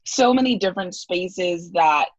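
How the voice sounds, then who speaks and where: Husky low-ish woman on a dull line. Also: expressive, dry recording. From Oakland, California. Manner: bubbly, quick storytelling full of "like". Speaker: poet and guest. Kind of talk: casual interview chat.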